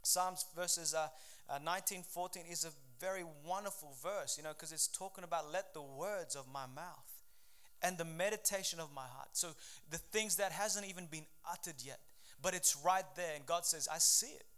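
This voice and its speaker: A middle-aged pastor preaching a sermon in a fervent, conversational way, with frequent restarts. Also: male voice, on the high side, moderate pace, fairly bright tone, clear, resonant tone.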